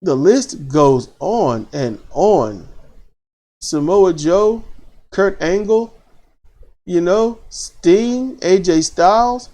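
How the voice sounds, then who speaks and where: A man hosting a casual wrestling commentary, animated and opinionated, repeating phrases for emphasis. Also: sits high, drawn-out words. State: choked up.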